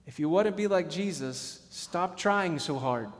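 A middle-aged male pastor preaching a sermon, passionate, swinging between emphatic bursts and hushed, slowed lines. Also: on the high side, expressive, long reverb tail.

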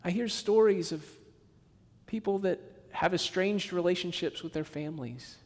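A man with a high, light voice preaches to a congregation, leaning into quoted lines and sinking to a near hush when the point turns sorrowful. The sound carries a long reverb tail from a church hall. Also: normal speed. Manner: expressive preaching, acts out quotes, drops to a soft hush on sad points. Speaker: pastor. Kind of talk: sermon.

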